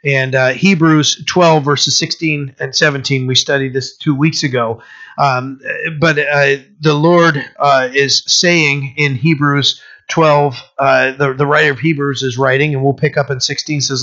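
A man's voice: on the high side, fairly even intonation, normal speed, sharp tone, muffled recording. A man teaching a Bible study in a casual, conversational way, with many restarts and fillers.

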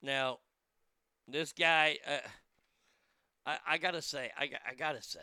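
A man's voice: a little high, a little slow, sharp tone, clean tone, no room sound, clean studio sound. A man working as a radio DJ, reading odd news and ranting about it in a sarcastic, crude, rambling way. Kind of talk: profane talk radio commentary.

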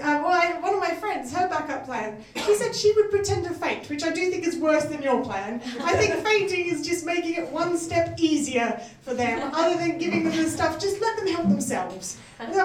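Giggly woman doing stand-up. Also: very high-pitched. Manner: giggly, self-deprecating, laughs through lines. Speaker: stand-up comedian. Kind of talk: stand-up comedy set. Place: live comedy venue. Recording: echoey room heard from a distance.

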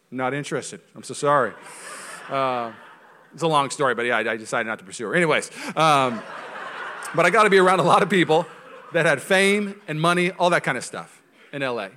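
Bright-voiced joking male pastor. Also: on the high side, a little hiss or hum. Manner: animated and joking, with quick asides. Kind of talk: sermon. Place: church.

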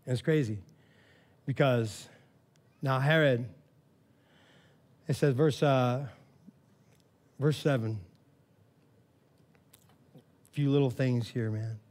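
A man preaching a sermon in a casual, animated storytelling way, often saying "man" and "all right", rising to loud, excited preaching. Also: mid-range voice, takes it slowly, pauses often. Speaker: pastor.

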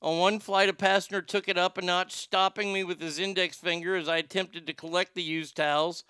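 Comic host, high bright voice, crisp and dry, swings from shouting to muttering. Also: male voice, brisk, dry recording. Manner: animated, swings between loud outbursts and muttered asides. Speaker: show host. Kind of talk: comedic podcast rant.

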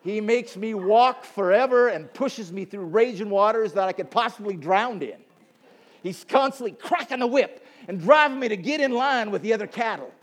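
A man putting on a cowboy accent, voicing a fearful believer reciting a psalm in a loud, strained way. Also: sits high, animated, normal speed, voice pushed up. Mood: mock fearful. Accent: American cowboy drawl, put on.

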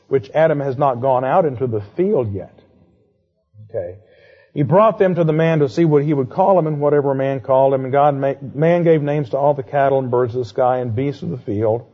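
Casual male Bible teacher, slightly high voice, playful and chatty, dull lo-fi recording. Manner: conversational, playful asides and quick rhetorical questions. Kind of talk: Bible lecture.

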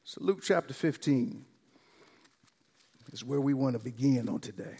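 A man's voice: mid-range voice, lively intonation, normal speed, gravelly, mellow, slightly rough, big-room sound. A man preaching a sermon to a church congregation, exuberant and calling out to them. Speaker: pastor. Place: church service.

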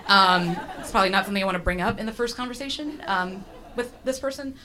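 A woman's voice: medium pitch, fast talker, background noise. A woman telling a personal story to an audience, chatty and self-deprecating, with lots of fillers and restarts.

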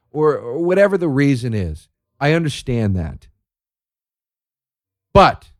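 A man's voice: a little high, dry recording, studio quality. A man, a comedian, ranting with profanity, sarcasm and a stream of rhetorical questions.

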